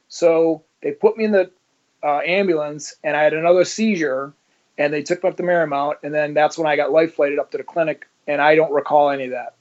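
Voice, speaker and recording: A former police officer with a slightly high voice talks fast, and the audio has its highs cut off. Being interviewed, he tells his story conversationally and animatedly, acting out the dialogue.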